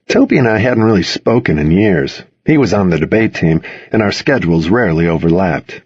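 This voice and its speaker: Husky low-voiced male audiobook narrator. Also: animated, fairly quick, few pauses, darkish tone, dry recording, muffled recording. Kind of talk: first-person audiobook narration.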